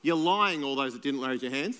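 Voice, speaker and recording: A man's voice: medium pitch, lively intonation, fairly quick, sharp tone, clear, resonant tone, long reverb tail. A man with an Australian accent, a pastor preaching a sermon in a conversational, playful way and joking with the congregation.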